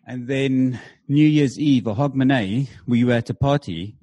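Guy with a husky voice chatting about his move, lots of ums and likes, dry close sound. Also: mid-range voice, unhurried, no echo. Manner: animated anecdotes with filler words. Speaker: church planter guest. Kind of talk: conversational storytelling.

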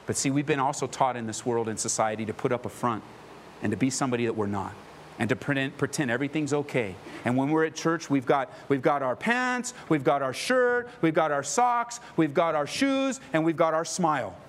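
A man's voice: medium pitch, lively intonation, a little fast, a little hiss or hum. A man preaching a sermon as a pastor, impassioned and emphatic, repeating phrases for emphasis. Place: church.

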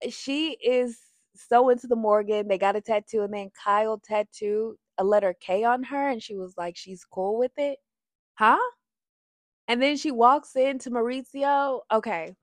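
Talking straight to her viewers, a woman delivers a sassy, chatty recap of a reality TV show, calling them y'all and breaking into sung lines. Her animated voice sits on the high side and moves unhurriedly. It's a casual, opinionated recap with clean studio sound and no echo.

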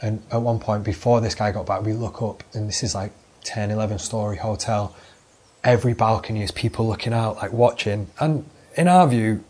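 A young British man hosts his own podcast, telling a long, sweary anecdote in a loose, rambling solo monologue with a British English accent. His voice is fairly low, brisk, and darkish, with a breathy edge.

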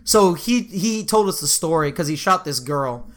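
A man's voice: on the high side, animated, moderate pace, fairly bright tone. A man in his twenties co-hosting a podcast, telling a funny story in casual chat, laughing often and swearing freely. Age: 20s. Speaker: podcast co-host.

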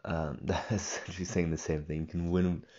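A man's voice: sits low, little pitch movement, fairly quick, darkish tone, lo-fi sound. A young man hosting a solo podcast, rambling casually with many fillers and restarts. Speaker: podcast host.

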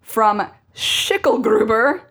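A woman's voice: a little high, expressive, extremely slow, creaky, a bit bright. A woman co-hosting a podcast in casual chat, with wry, teasing remarks. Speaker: podcast co-host.

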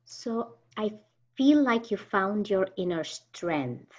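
A woman hosting a podcast who asks gentle, supportive questions about her guest's experience. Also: mid-range voice, big pitch swings, takes it slowly. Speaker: podcast host. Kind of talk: interview questions. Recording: slightly dull lo-fi sound.

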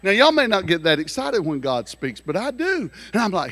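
A man preaching a sermon through folksy, joking stories, animated and lively. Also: high voice, fairly quick, hardly any pauses, a little hiss or hum. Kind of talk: storytelling sermon.

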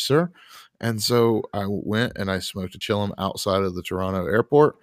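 A man's voice: fairly low pitch, moderate pace, no echo, studio quality. A man co-hosting a podcast, telling a rambling story in a laid-back, casual way with casual swearing. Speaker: podcast co-host.

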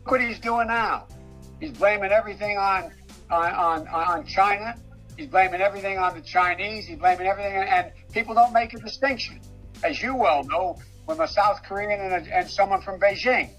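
Older man, politician, halting speech with many restarts, slightly higher pitch. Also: a bit bright, faint music behind. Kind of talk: campaign speech.

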